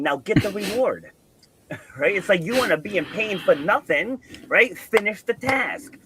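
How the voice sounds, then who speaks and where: Podcast host, middle-aged man, bright and forceful, earnest storyteller. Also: medium pitch, dry recording. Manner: earnest storytelling, acts out quoted dialogue. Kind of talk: casual podcast conversation.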